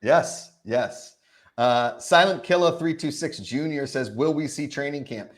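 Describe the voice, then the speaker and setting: A man's voice: fairly high pitch, measured pace. A man in his thirties hosting a casual live stream, upbeat and reading out chat questions. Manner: upbeat, hypes viewers, reads chat questions. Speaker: host.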